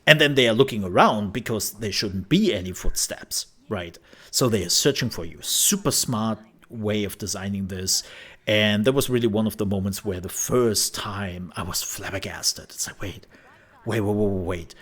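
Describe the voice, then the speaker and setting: A man's voice: fairly low pitch, normal speed, breathy edge. A man from Germany, speaking English as a while casually commenting on a video game and acting out scenes as he tells them. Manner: animated storyteller who laughs and acts out scenes. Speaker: gaming channel host. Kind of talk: casual commentary over gameplay.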